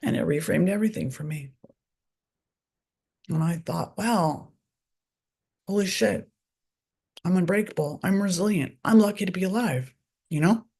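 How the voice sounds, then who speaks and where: A woman's voice: fairly low pitch, normal speed, pauses often, mellow, slightly rough. A middle-aged woman, a guest author, telling her story candidly and bluntly, with frequent swearing. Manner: blunt and profane, speaks openly. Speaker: guest author and recovery advocate.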